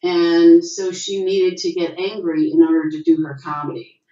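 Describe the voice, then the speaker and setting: Middle-aged actress guest, low mellow voice, animated raconteur, dull roomy video-call sound. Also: female voice, moderate pace. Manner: animated storyteller, acts out quotes with rising pitch. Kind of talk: casual interview over video call.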